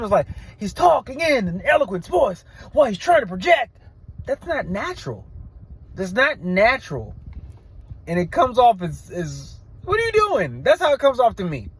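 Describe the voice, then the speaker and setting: Male show host, fairly high voice, blunt opinionated rambler who stammers and restarts. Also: fairly bright tone, husky. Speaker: wrestling show reviewer. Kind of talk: casual opinionated review.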